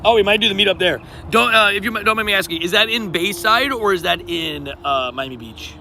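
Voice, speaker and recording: A young man talks to his live chat from outdoors in a relaxed, slang-heavy way, calling out viewers by name. His voice sits a bit high and has a bright edge with a gravelly rasp. Faint traffic noise hums behind him. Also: a little fast. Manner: laid-back and slangy, greeting chatters by name. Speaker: streamer. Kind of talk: casual live-stream chat.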